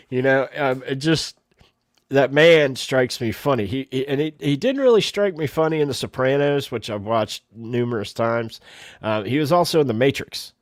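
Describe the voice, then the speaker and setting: A man's voice: mid-range voice, normal speed, dry recording, clean studio sound. A man co-hosting a casual movie review chat, retelling scenes and acting out the characters' lines. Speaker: podcast co-host.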